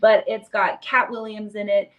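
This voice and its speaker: A woman's voice: mid-range voice, little pitch movement, moderate pace, highs cut off. A young woman guest on a video call interview, chatting eagerly and peppering her talk with fillers. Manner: bubbly and chatty with filler words. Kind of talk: casual interview chat.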